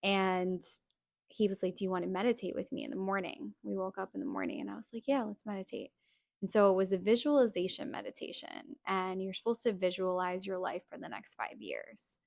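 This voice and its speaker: A woman's voice: medium pitch, animated, fairly quick, creaky, darkish tone, dry recording, studio quality. A young adult woman hosting a podcast, telling a personal story in a chatty way full of fillers. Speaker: podcast host.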